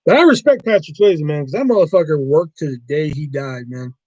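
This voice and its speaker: Man, casual livestream host, profane, rambling, slightly high voice, dry close sound. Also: fairly quick, darkish tone, no echo, highs cut off. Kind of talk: casual chat about movies.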